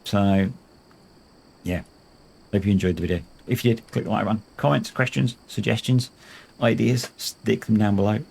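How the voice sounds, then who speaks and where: A man's voice: lowish voice, steady tone, normal speed, gravelly, pauses often, a little mellow, slightly rough. A man hosting a gaming video, giving laid-back, rambling let's-play commentary with jokey self-praise.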